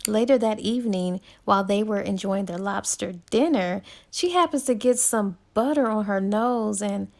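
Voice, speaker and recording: A woman's voice: mid-range voice, normal speed, gravelly. A woman casually retelling a novel's plot as a book reviewer, chatty and laid-back, full of ums and likes.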